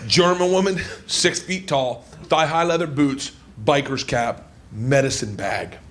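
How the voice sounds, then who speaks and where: A man doing stand-up, telling a rowdy story loudly, laughing and acting out the characters. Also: medium pitch, unhurried. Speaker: stand-up comedian.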